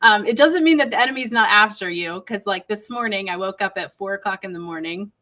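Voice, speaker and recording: Earnest woman, bright voice. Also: medium pitch, a little fast. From rural Pennsylvania. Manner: earnest, affirming, laughs lightly. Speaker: guest singer-songwriter. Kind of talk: casual interview talk.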